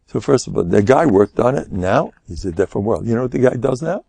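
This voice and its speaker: An older man, giving an animated storytelling class as a rabbi. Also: mid-range voice, fast talker, creaky, slightly rough, dry recording. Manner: animated, acts out quotes in raised voices, laughs often. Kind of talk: lively storytelling lecture.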